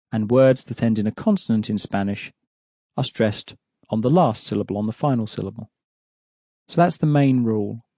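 Mellow-voiced male language teacher. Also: medium pitch, no echo, clean studio sound. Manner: patient, clear explaining. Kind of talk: explaining an audio course lesson.

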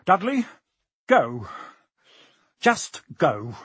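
A man plays a stern, blustering middle-aged uncle in a storybook reading. He barks short, clipped orders in a slightly husky voice, with dry sound close to the mic. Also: on the high side, wildly swooping pitch, very slow, fairly bright tone, no echo, pitched above the performer's own voice, full character voice. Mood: snapping. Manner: short, snapping commands.

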